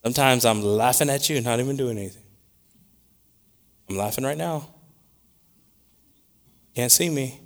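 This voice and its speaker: A man preaching a sermon, swinging between loud scripture reading and quiet, repetitive asides. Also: medium pitch, normal speed, long pauses. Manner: repeats words while searching for them.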